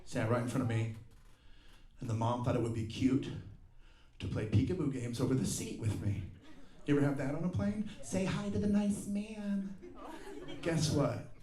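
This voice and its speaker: Warm in tone, with a mid-range voice and a moderate pace, a middle-aged stand-up comedian rants and swears through his set. He performs other people's lines as part of the act. The live venue recording is roomy, with laughter from the crowd.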